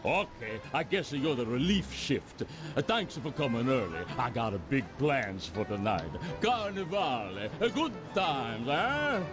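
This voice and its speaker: A chatty, easily fooled guard from a video game. His voice swoops lively up and down as he chatters. Clear game music plays behind him. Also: medium pitch, unhurried.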